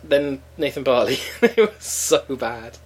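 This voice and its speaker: A man in casual podcast chat, wry and lively as he tells stories. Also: medium pitch, unhurried, breathy edge. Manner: chatty, wry, lively storytelling. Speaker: podcast host.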